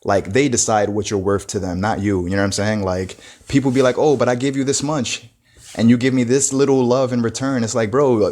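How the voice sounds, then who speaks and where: A man's voice: on the low side, a little mellow. A man giving a casual, reflective monologue, full of "you know" and "bro" and frequent restarts. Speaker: motivational talker.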